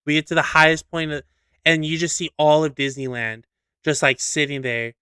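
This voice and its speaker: A young man co-hosting a podcast, telling a story in a lively, casual way, swearing freely and acting out scenes. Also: a little high, normal speed, clean tone, no room sound. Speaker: podcast co-host.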